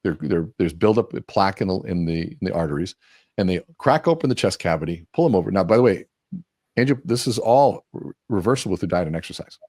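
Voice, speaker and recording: A man's voice: deep voice, quick pace, no echo, clean studio sound. A man speaking as a guest in a conversational interview, telling stories and acting out quoted dialogue. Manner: animated storyteller acting out quotes.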